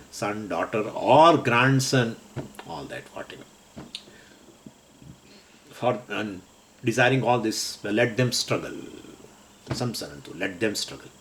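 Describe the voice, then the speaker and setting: A man's voice: medium pitch, gravelly, a bit bright, slight background noise. A middle-aged man teaching a scripture class, explaining Sanskrit terms in English and chuckling often as he talks.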